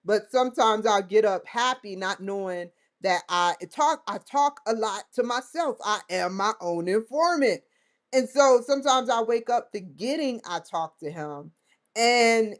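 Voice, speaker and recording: Rambling, laughing woman vlogger. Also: fairly high pitch. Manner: rambling, laughs often, acts out dialogue in quotes. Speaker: vlog host. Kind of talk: casual chat to camera.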